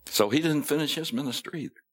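A man preaches a sermon, retelling scripture in a folksy storytelling style, acting out the quotes and chuckling at his own asides. His voice is on the high side and fast, with soft background music.

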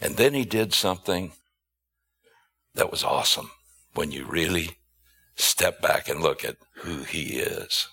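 A man delivers a sermon in a very low, deliberate voice, stretching the words he stresses and posing rhetorical questions. His tone is bright and forceful despite the low pitch. The pace stays slow and measured throughout. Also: lively intonation, slightly rough. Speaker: preacher.

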